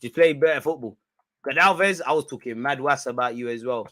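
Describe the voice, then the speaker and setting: A man's voice: medium pitch, fairly quick. A man hosting a live football watch-along, chatting in slangy banter, reacting to the play and often breaking into laughter. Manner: reacts loudly to goals and chances.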